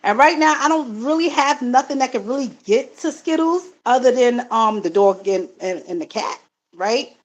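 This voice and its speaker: A woman's voice: fairly high pitch, lively intonation, moderate pace, poor audio. Chatty middle-aged woman on a live stream. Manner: chatty, reads viewer comments aloud and answers them; addresses viewers as family, frequent fillers. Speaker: live-stream host and card reader. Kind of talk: casual live-stream chat.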